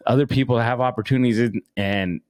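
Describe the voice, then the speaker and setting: A man's voice: medium pitch, fast talker, a little mellow. Podcast co-host, male, loose profane delivery, circles back on his points. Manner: profane, rambling, repeats himself. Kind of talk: casual chat.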